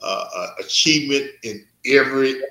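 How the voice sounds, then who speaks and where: A man's voice: mid-range voice, normal speed, pushed and bright, roomy sound, rough recording. An older man hosting a podcast, talking in a rambling, hesitant way with many fillers. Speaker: podcast host. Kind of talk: casual interview.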